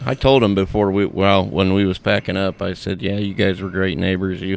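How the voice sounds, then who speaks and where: A man's voice: sits low, fairly even intonation, fairly quick, creaky. A man co-hosting a casual trucking podcast, tossing in dry joking asides. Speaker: podcast co-host. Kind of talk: casual chat.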